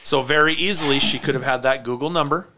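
A man hosting a podcast, telling a story in casual chat with an animated, laughing manner. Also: medium pitch, quick pace, slight background noise. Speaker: podcast host.

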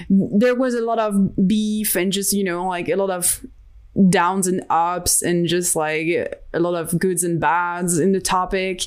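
A young woman being interviewed about her art, talking candidly and reflectively, with many fillers and restarts. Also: lowish voice. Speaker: interview guest, digital artist. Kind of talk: casual interview conversation.

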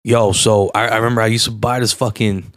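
A man's voice: lowish voice, fairly even intonation, fairly quick, a bit bright, no echo, studio quality. A young man from Southern California on a podcast, telling crude stories full of swearing and "bro". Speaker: podcast co-host. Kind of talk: casual podcast chat.

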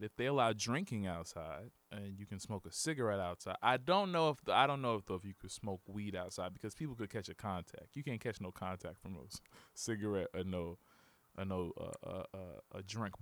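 A man's voice: on the low side, no room sound. A man co-hosting a podcast in casual, joking chat, often restarting his sentences. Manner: playful, joking, full of restarts. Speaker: podcast co-host.

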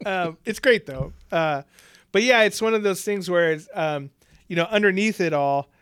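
A man's voice: high-pitched, moderate pace, fairly bright tone, clean tone. A man co-hosting a casual movie chat, laughing often and swearing freely as he rambles. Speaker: podcast co-host.

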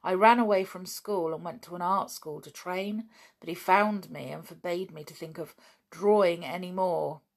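A woman voicing a sullen teenage boy artist in a storybook reading, quiet and bitter. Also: fairly low pitch, normal speed, vocal fry.

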